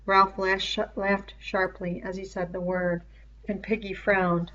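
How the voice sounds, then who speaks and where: A woman reading a novel aloud in slow, measured storytelling. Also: medium pitch, flat delivery, a bit bright, muffled recording. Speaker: reader.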